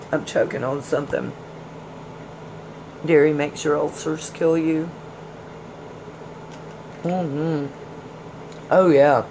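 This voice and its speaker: A woman's voice: sits low, steady tone, very slow, pauses often, noisy background. Chatty woman livestreaming. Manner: chatty, folksy, addresses viewers as y'all and hon. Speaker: tarot livestream host. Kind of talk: casual livestream chat reading comments.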